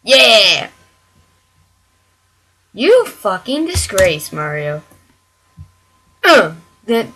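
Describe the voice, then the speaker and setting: A woman hosting a gaming channel, giving let's-play commentary while growing frustrated, swearing and yelling at the game character and talking to her viewers. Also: medium pitch, big pitch swings, takes it slowly, pauses often.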